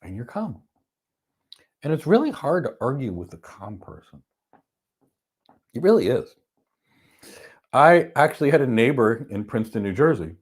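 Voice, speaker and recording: A man giving a motivational talk on stress, telling stories with emphatic bursts that drop to soft, calm lines. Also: mid-range voice, normal speed, pauses often, slightly rough. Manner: animated storyteller, swings from loud emphasis to soft calm. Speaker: host. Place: lives in Florida.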